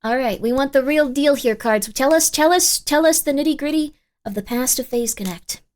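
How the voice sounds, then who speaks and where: A woman streamer chats her way through a casual tarot reading on stream. Her voice sits fairly high, and her delivery is loose and rambling, with many asides to viewers. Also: moderate pace, darkish tone. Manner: chatty, rambling, thanks viewers by name.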